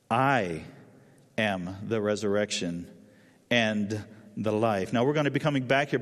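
A man preaching a sermon with feeling, dropping to a soft low voice at solemn moments. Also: in a large hall. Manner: emotional, drops to soft low voice at solemn lines. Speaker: pastor.

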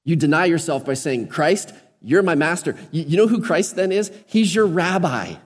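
A man's voice: a little high, animated, normal speed. A man preaching a sermon as a pastor, conversational and then emphatic and urging. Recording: long hall reverb.

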